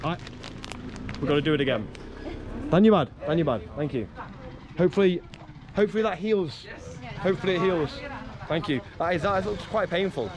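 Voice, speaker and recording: A young man talks his way through a travel vlog in a hillside village, friendly and full of questions. His voice sits fairly high. Other people can be heard talking around him in the open air. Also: animated, fairly quick, long pauses, a crowd in the background. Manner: chatty, friendly, curious, asks many questions. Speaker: travel vlogger. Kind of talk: casual travel vlog chat. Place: outdoors in a rural hill village.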